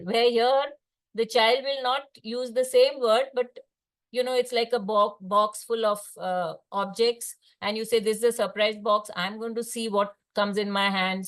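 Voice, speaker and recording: An older woman with an Indian English accent and a medium-pitched voice is a speech therapist lecturing fellow clinicians in an online case discussion. She explains things hesitantly, with many pauses and fillers.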